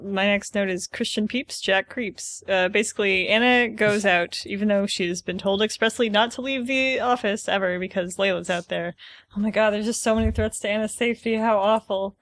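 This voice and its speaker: A woman's voice: medium pitch, moderate pace, fairly bright tone, no echo. Woman, podcast co-host, casual plot recap, laughs often, dry close sound. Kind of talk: casual chat recapping a book.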